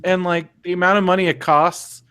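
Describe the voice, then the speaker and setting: A man's voice: high-pitched, fairly even intonation, fairly quick, a bit bright, smooth. A young man co-hosting a podcast in casual chat, loose and profane, full of fillers and restarts. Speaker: podcast co-host.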